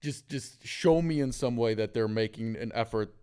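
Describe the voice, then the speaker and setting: A man's voice: mid-range voice, moderate pace, smooth. A man hosting a podcast, telling stories in casual chat with frequent laughter and fillers. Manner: animated, laughs often, many fillers. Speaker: podcast host.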